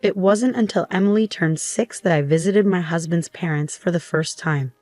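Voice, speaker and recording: Woman narrating, lowish and dry. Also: normal speed, darkish tone, dry recording. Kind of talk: scripted first-person storytelling.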